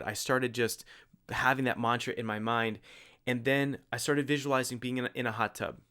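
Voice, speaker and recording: A young adult man telling a personal story in casual, animated speech, full of fillers and restarts. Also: medium pitch, normal speed, clean tone. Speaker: host.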